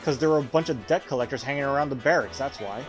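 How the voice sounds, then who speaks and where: A man's voice: medium pitch, fast, music in the background, lightly acted. A man reading the lines of an angry young woman knight who scolds and name-calls her runaway brother. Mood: scolding. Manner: sharp scolding, name-calling.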